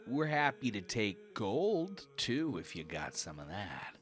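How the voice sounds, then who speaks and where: A man voices a sly little gnome, a small wiry fellow with a high, needling voice pitched well above a normal man's, folksy and pushy as he angles for payment. He sounds grasping and never drops a point, speaking slow and sing-song with a slightly bright, heavily acted delivery. Soft music plays in the background.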